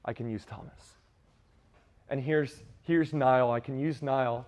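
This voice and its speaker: A man voicing God choosing whom to use, in a low, hushed, musing tone. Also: steady tone, slow pace, natural voice. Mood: approving. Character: God choosing people, calm and deliberate.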